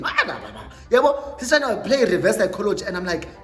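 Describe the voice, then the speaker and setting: A woman's voice: mid-range voice, huge pitch swings, brisk, hardly any pauses, a bit bright. A young South African woman tells a dramatic story straight to camera, switching freely between Xhosa and English and acting out each quoted line. Her voice bounces around a roomy, echoey space, and faint music plays underneath. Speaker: vlogger. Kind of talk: storytime monologue.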